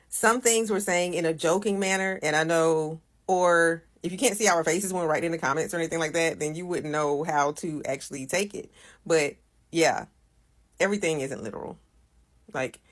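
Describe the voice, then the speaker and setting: A woman from the United States explaining something patiently in a casual video monologue, repeating her points. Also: low voice. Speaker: social media commenter.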